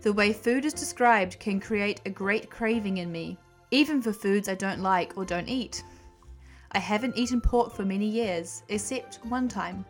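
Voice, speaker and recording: A woman reading a classic children's book aloud, gentle and expressive. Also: medium pitch. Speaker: storyteller.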